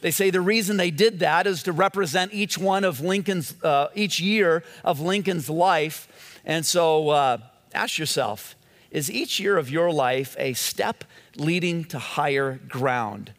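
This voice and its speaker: Guy preaching a sermon, chatty storyteller, kinda high voice, keeps restarting lines. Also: a little slow, a bit bright, long reverb tail. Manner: conversational storytelling with many restarts. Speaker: pastor.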